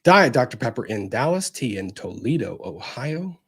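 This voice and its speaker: Lively, husky-voiced man hosting a stream. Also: mid-range voice, normal speed. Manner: chatty and upbeat, greets viewers by location. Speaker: livestream host. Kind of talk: casual livestream chat, reading viewer comments.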